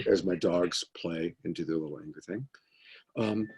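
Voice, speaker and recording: A man leading a mentorship group as a love coach, teaching in a conversational, earnest way over a video call and trailing off into quieter asides. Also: deep voice, animated, slow pace, vocal fry.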